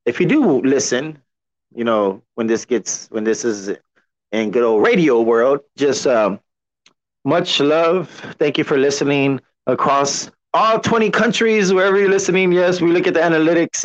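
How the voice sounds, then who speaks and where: A man hosting a casual solo podcast, rambling in a relaxed way and cussing a lot. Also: fairly high pitch, normal speed. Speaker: podcast host. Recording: dull lo-fi sound.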